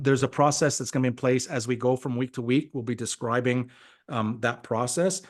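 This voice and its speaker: A man giving an energetic, motivational sales talk on a team call. He often repeats himself and acts out quoted conversations. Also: mid-range voice. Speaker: guest speaker on a team call. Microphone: call audio.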